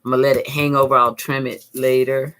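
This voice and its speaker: A woman giving a casual crafting tutorial, chatty and calm, thinking aloud while she works. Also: rumbling low, fairly quick. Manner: calm, soothing. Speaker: craft vlogger.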